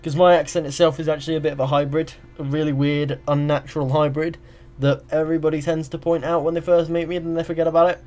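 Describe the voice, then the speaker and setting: A man's voice: on the high side, flat delivery, quick pace, a little mellow, soft background music. A young man streaming a game live, chatting casually and reading viewers' questions aloud before rambling through his answers. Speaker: gaming streamer.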